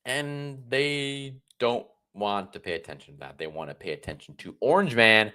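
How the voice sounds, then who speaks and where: A man's voice: mid-range voice, expressive, moderate pace, few pauses, pushed and bright, clear, resonant tone. A man in his thirties from the United States, giving sarcastic political commentary on a solo livestream, often restarting his sentences. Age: 30s.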